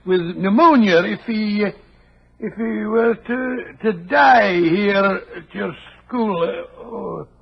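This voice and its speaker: An actor playing Dr. Watson in disguise with a put-on Scottish accent, stammering and hesitant, in a 1940s radio play. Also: male voice, sits high, slow, gravelly, slightly rough, full character voice. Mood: scheming. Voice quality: hesitant, bumbling, full of stammers. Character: Dr. Watson posing as a Scottish guardian. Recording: dull old radio recording.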